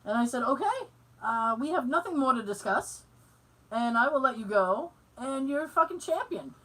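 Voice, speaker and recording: A woman's voice: high voice, expressive, moderate pace, a bit bright, low-quality recording. A woman co-hosting a podcast. She tells stories in casual chat, laughs often, acts out the voices she quotes and swears freely. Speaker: podcast co-host.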